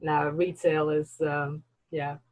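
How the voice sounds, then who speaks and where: A woman from the Netherlands speaks with a Dutch accent carrying a Brummie tinge, her voice set fairly low. She chats casually as a guest, laughing often and pausing on fillers. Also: little pitch movement, low-quality recording. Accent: Dutch with Birmingham (Brummie) tinge. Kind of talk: casual chat.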